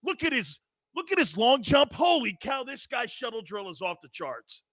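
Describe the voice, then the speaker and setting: A man's voice: very high voice, sing-song, moderate pace, a bit bright, no room sound, studio quality, pitched above the performer's own voice, heavily acted. A man putting on the voice of a gushing male football scout in a mocking, sing-song tone.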